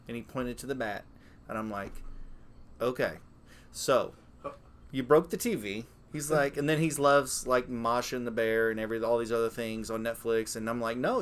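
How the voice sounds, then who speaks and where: A man in his late thirties co-hosting a podcast, telling stories in a casual, profane, animated way. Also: medium pitch. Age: 30s. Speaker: podcast co-host. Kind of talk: casual chat.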